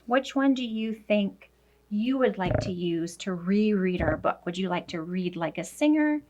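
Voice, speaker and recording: A woman teacher working one-on-one with a young child, speaking slowly, simply and encouragingly as she explains a reading activity. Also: mid-range voice. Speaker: elementary school teacher.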